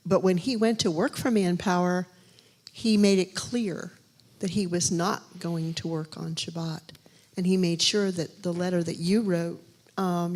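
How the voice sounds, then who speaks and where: Hesitant woman recounting a story, lowish voice. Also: a little mellow. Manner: hesitant, many fillers. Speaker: congregation member giving a testimony. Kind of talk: recounting a story in a live gathering.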